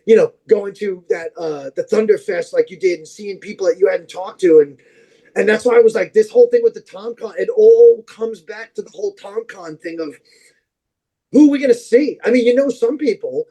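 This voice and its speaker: A man who is a podcast guest, telling long, animated anecdotes in casual chat, with plenty of fillers and restarts. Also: high voice, normal speed, low-quality recording.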